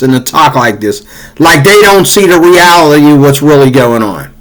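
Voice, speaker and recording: A man's voice: on the high side, expressive, moderate pace, fairly bright tone, rough recording. A man hosting a commentary channel, reacting heatedly to news clips in a casual, repetitive way. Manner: heated, repetitive, conversational with fillers.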